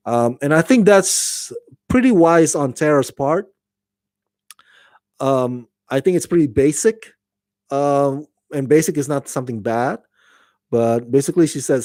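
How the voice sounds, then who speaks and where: A man giving a casual spoken TV review, halting with many fillers and restarts. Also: medium pitch, darkish tone, dry recording, clean studio sound. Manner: acts out quoted lines in a raised voice.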